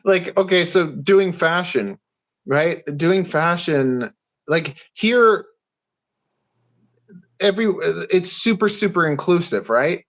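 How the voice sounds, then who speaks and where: A man talks loosely as a guest on a podcast. His voice sits high, and he rambles from point to point, laughing often and slipping into quick impressions of what people said. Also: expressive, fairly bright tone. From Canada. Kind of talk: casual chat.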